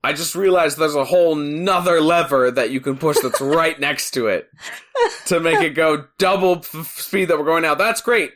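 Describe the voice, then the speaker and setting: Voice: mid-range voice, normal speed, a bit bright, lightly acted. A host retelling a sheepish male starship engineer. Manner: rambling, sheepish confession. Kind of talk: joking retelling of a comedy bit.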